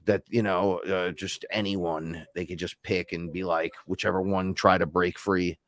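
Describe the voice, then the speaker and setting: A man's voice: sits low, flat delivery, unhurried, fairly bright tone, dry recording. A man hosting a casual spiritual talk, telling stories in a rambling, profane way. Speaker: host.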